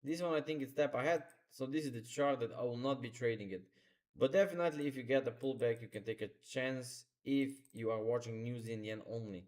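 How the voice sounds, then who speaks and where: A trading streamer talks through charts live, giving instructive market commentary, repeating phrases and using non-native grammar. His voice is medium-pitched and darkish in tone, speaking fairly quickly.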